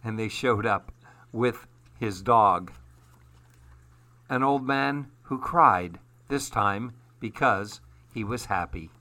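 A man reads a children's storybook aloud, taking his time over every phrase. His voice is bright and clear, and the telling stays gentle and unhurried throughout. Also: lowish voice.

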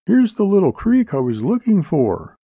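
A man's voice: fairly high pitch, sing-song, measured pace, slightly rough, no room sound, pitched above the performer's own voice, heavily acted. A man voicing a playful, teasing adult woman in a cheerful manner, in a tinny, phone-like recording. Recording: tinny phone-like dry sound.

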